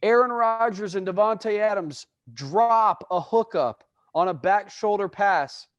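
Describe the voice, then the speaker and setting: Male podcast co-host, high voice, blunt opinionated sports talk. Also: measured pace, no echo, highs cut off. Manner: opinionated, emphatic ranting. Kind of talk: casual sports chat.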